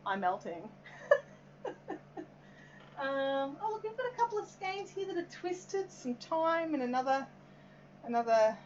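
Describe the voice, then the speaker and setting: A woman's voice: mid-range voice, highs cut off, a little hiss or hum. An Australian woman hosting a casual live craft stream, rambling as she works and reads out viewer comments. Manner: chatty and rambling, reading out viewer comments, many "um"s. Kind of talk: casual live-stream chat while working.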